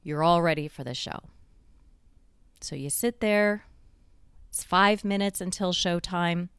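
Slow, clear-voiced woman storyteller. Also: lowish voice, dry recording. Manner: conversational, drawing the listener into a scene. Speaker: host. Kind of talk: guided second-person storytelling.

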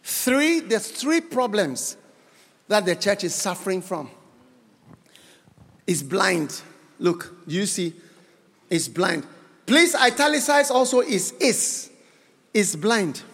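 High-voiced Ghanaian man preaching. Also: big pitch swings, slow, pauses often, husky, big-room sound. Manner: dramatic, rising to shouted emphasis and sing-song cadence. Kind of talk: sermon. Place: church hall.

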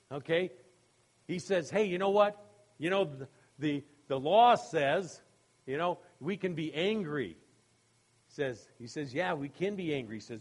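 Male pastor, sermon, slightly high voice, chatty asides, playful storytelling. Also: husky. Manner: conversational, many "you know" and "okay?" asides; acts out quoted voices in humorous anecdotes, laughing.

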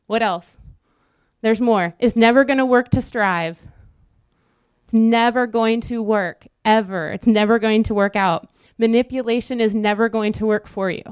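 A woman's voice: a little high, moderate pace, smooth, dry recording, studio quality. A woman preaching a sermon, emphatic and repetitive, acting out quoted inner voices.

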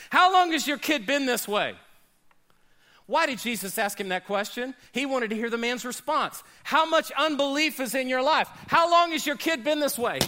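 Pastor, male, high bright voice, dynamic sermon delivery with loud peaks and hushed drops. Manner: dynamic preaching, swinging between loud high bursts and low quiet asides.

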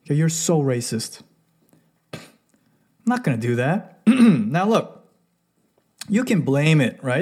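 A man's voice: medium pitch, darkish tone. A man delivering a casual opinion monologue as a commentator, emphatic and full of repeated "look" and "right?".

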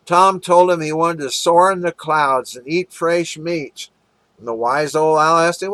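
A man's voice: on the high side, unhurried, sharp tone, no room sound. A man preaching, telling a parable as an earnest sermon story with little acted quotes.

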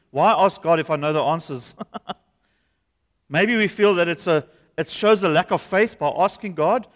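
男性南非口音牧师，在教堂里讲道，声音偏高. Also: male voice, sits high, fairly bright tone. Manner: earnest, conversational preaching with rising emphasis. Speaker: pastor. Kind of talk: sermon. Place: church. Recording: long hall reverb.

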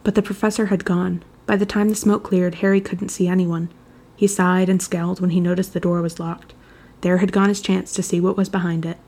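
Gravelly, husky woman narrator. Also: fairly low pitch. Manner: steady, measured storytelling. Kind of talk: reading fan fiction aloud.

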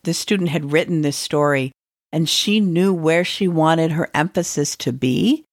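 A woman's voice: low voice, unhurried, no echo, clean studio sound. A woman teacher hosting an educational podcast, talking in a conversational way and musing aloud with the odd filler.

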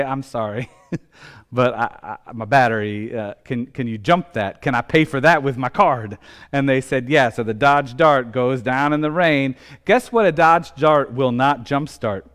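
A man's voice: fairly high pitch, fairly bright tone, clear, resonant tone. A man, a pastor telling a self-deprecating personal story in a sermon. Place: church sanctuary.

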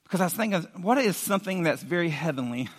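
A youth pastor giving a sermon in a lively, casual storytelling way, using props and questions to the room. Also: male voice, a little high, quick pace.

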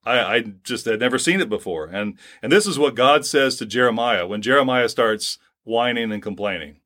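A man co-hosting a podcast, chatting casually about Bible reading, animated and prone to tangents, acting out quotes with a laugh. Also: mid-range voice, normal speed. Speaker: podcast co-host.

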